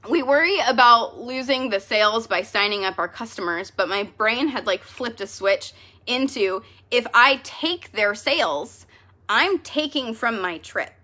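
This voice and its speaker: Tearful woman with a bright high voice. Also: lively intonation, unhurried. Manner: emotional, self-deprecating, laughing through tears. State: tearful, choking up. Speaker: direct sales team leader. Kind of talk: casual vlog to her team.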